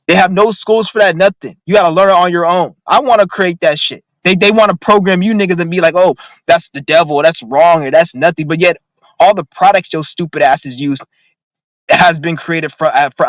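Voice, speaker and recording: A man's voice: high voice, fairly bright tone, dry recording, rough recording. A man ranting to his viewers in a profane, rambling, emphatic monologue, reading out their comments now and then. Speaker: vlogger.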